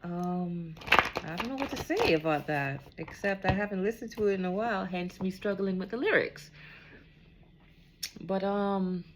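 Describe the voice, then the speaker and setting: A woman's voice: medium pitch, normal speed, a little hiss or hum. A woman giving a casual spiritual card reading to an unseen listener, reassuring and often checking in with "okay?". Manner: reassuring, talks to an unseen "somebody", keeps asking "okay?".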